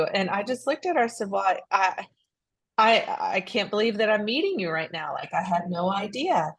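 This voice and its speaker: A woman's voice: mid-range voice, lively intonation, moderate pace, fairly bright tone. A woman tells a heartfelt story on a ministry podcast. She talks earnestly and restarts her sentences often, in an everyday mid-range voice. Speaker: podcast co-host. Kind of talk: casual faith podcast chat.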